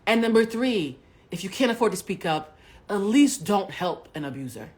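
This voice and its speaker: A woman's voice: medium pitch, very animated, moderate pace. Outspoken woman on a livestream. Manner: emphatic, outspoken, swears freely, addresses viewers directly. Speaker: livestream host and journalist. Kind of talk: candid livestream commentary.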